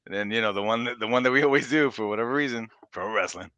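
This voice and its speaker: A man's voice: medium pitch, quick pace, bright, forceful tone, no echo, dull audio. A man co-hosting a podcast in casual chat, hedging and bantering in a laid-back way. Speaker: podcast co-host.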